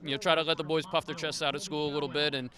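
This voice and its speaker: A man coaching high school soccer, giving a post-game interview outdoors with a voice he is losing, talking in a rambling way with many fillers. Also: little pitch movement, racing, crowd noise. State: losing his voice.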